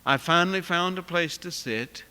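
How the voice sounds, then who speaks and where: A male preacher telling a sermon story vividly, swinging from loud lines to quiet ones. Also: sits high, moderate pace, smooth. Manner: vivid storyteller with wide swings in loudness, dropping to a hush. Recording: long hall reverb.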